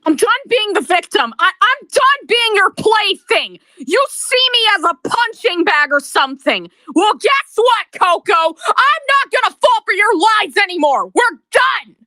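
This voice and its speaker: A woman's voice: extremely high pitch, very animated, unhurried, hardly any pauses, pushed and bright, no room sound. A woman ranting to camera in an emotional vlog, bitter and accusing, stammering and repeating words. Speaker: video creator.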